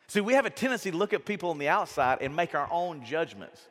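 A man preaching a lively sermon, telling stories and acting out quotes in raised voices. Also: fairly quick, hardly any pauses. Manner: animated storytelling, acts out quotes in high voices. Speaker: pastor. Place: church sanctuary. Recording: long reverb of a church hall.

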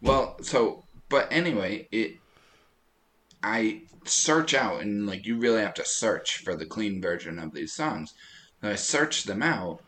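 Animated, bright-voiced man telling stories. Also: lowish voice, unhurried. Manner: animated storyteller, laughs often. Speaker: podcast co-host. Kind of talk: casual chat.

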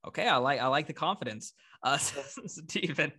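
A man hosting a casual sports chat, talking through his picks with friends, easily excited and quick to laugh. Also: fairly high pitch, breathy edge. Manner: excitable, laughs, mock British accent briefly. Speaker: podcast host.

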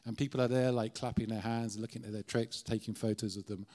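Speaking as a guest in a church, this middle-aged Irish man preaches a sermon earnestly and conversationally, frequently starting his sentences over. His voice is on the low side and darkish, with a steady tone and a brisk pace.

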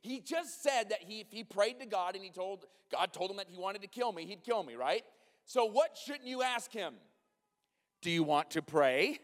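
A man preaching a sermon, telling a story animatedly, dropping to a hush and then rising to loud exclamations. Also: sits high, moderate pace. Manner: animated, swings from hushed to loud. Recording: long reverb of a large hall.

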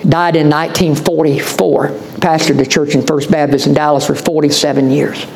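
A man's voice: fairly high pitch, level tone, normal speed, creaky, slight background noise, rough recording. A man preaching a sermon as pastor, impassioned, folksy and repetitive.

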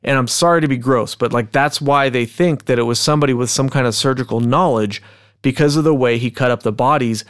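A man co-hosting a casual true-crime podcast, reading old testimony aloud in a measured, deliberate way. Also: medium pitch, clear, resonant tone, no room sound, clean studio sound. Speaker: podcast co-host.

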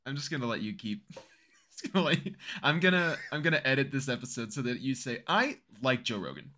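A man co-hosting a podcast in casual comedic chat, jokey and quick to break into giggles. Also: medium pitch, lively intonation, sharp tone. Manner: giggly, jokey, trails off into laughter. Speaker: podcast co-host.

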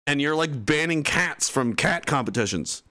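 A man's voice: a little high, lively intonation, normal speed, bright, forceful tone, dry recording, clean studio sound. A man hosting a livestream, reading viewer comments with mocking, profane sarcasm. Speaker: political livestream host.

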